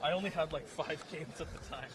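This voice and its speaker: A man's voice: fairly high pitch, a little fast, a little hiss or hum. A man running the camera and co-hosting a live stream from a convention hall, talking casually with blunt, sarcastic remarks and swearing. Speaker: camera operator and co-host. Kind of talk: casual walk-and-talk chat.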